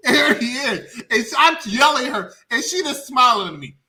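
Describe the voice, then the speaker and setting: A man with a high, very bright voice, riffing in a casual movie review chat. He is animated and laughs often. He swears freely as he goes. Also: normal speed. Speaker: podcast co-host.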